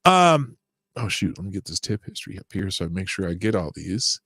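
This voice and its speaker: Male live-stream host, animated rambling delivery, dry sound. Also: sits low, brisk, breathy edge, dry recording. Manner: animated, rambling, laughs often. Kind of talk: casual live-stream chat, greeting viewers.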